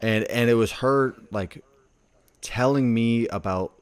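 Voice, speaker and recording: A man's voice: medium pitch, takes it slowly, clean tone. A man in casual conversation, rambling through stories and leaning heavily on "like". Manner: rambling storyteller, heavy on "like".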